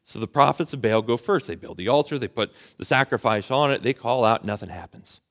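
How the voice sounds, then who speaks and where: A man's voice: medium pitch, animated, a little fast, a bit bright. A man preaching a sermon in a conversational way, asking the audience questions and retelling a story with casual slang. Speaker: pastor.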